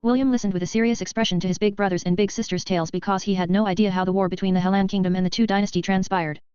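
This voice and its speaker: A woman reading a web novel as an audiobook in a quick, even narration with barely changed character voices. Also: medium pitch, clear, resonant tone, no room sound. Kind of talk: scripted narration. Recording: slightly dull, dry sound.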